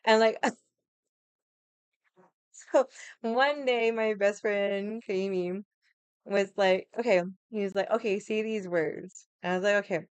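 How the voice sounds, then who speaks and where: A woman's voice: medium pitch, steady tone, clean tone, dry recording. Chatty woman telling stories, dry sound. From Hawaii. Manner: chatty, laughing, quick asides, swearing; irritated, stubborn storyteller. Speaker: vlogger. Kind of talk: casual storytelling chat.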